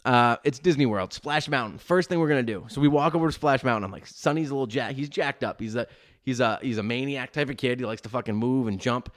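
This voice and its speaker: A man hosts a casual podcast and tells a long story, swearing freely and rambling from one aside to the next. His voice sits at an ordinary middle pitch, and he talks in an easygoing, unscripted way. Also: quick pace. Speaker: podcast host. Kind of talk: casual chat.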